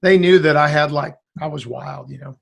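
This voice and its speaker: A man with a fairly high speaking voice tells a long story from his past in casual conversation. He rambles and restarts often, and he acts out the lines of the people in the story. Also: moderate pace, creaky. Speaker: guest musician.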